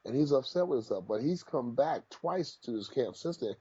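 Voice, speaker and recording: A man's voice: mid-range voice, brisk, few pauses, husky, muffled recording. A man, a boxing trainer, talking casually in an interview and telling stories from the gym, often repeating his phrases. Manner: animated storyteller, repeats phrases.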